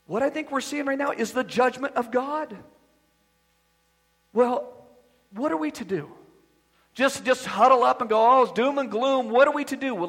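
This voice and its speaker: A pastor preaching a sermon with emphasis, moving between quiet asides and loud declarations. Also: male voice, high voice, big-room sound.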